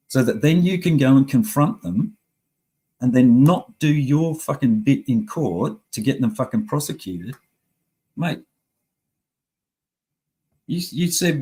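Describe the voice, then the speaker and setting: A man's voice: medium pitch, mellow, slightly rough. A middle-aged man, ranting angrily in a profane, rambling monologue.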